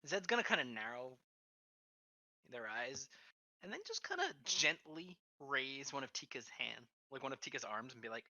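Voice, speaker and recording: Low, very bright woman player, dry sound. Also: moderate pace, dry recording. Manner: expressive, exasperated, laughs often. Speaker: tabletop game player. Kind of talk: casual tabletop role-play chat.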